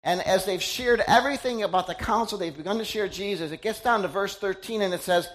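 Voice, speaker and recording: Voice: mid-range voice, fairly quick. A middle-aged pastor giving a conversational sermon, chatty and teasing, often quizzing the congregation.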